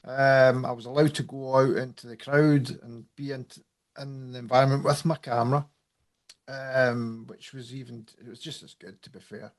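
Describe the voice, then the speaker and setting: A man's voice: mid-range voice, fairly even intonation, moderate pace. A man hosting an interview, chatting loosely with fillers and hesitations. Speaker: podcast host. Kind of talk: casual interview chat.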